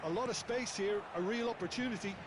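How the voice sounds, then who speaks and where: A man giving measured, analytical football co-commentary between the main caller's lines. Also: sits high. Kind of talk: sports commentary from a video game. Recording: loud background noise.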